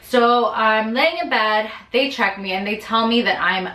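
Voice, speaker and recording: A young woman vlogger telling a lively, chatty story and acting out her own quotes. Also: on the high side, measured pace. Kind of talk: storytime vlog. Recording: echoey room.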